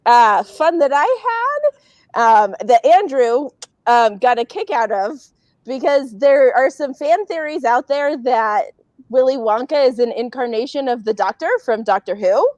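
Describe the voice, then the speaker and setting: High-voiced animated woman director. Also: unhurried, no echo, poor audio. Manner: animated, rambling, laughs often. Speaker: director of the show. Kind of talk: casual reunion chat.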